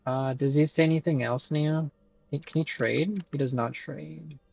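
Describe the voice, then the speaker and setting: A man's voice: a little high, moderate pace, gravelly, muffled recording, soft background music. A man streaming a game, casually commenting, swearing and laughing as he reads dialogue aloud. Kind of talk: live gameplay commentary, reading dialogue aloud.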